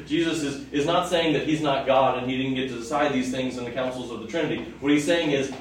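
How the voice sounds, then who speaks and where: This male preacher has a medium-pitched, fairly even voice and talks fast with few pauses, delivering a conversational teaching sermon and putting questions to the audience. He's recorded from far off in a heavily echoing hall, with the mic well away from him and faint noise underneath.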